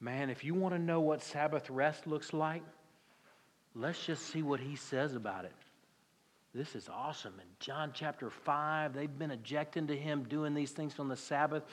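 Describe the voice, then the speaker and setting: A man's voice: fairly high pitch, moderate pace, in a large hall. A man with a Southern US accent preaching a sermon as pastor, in a conversational, folksy way with many rhetorical questions. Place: church sanctuary.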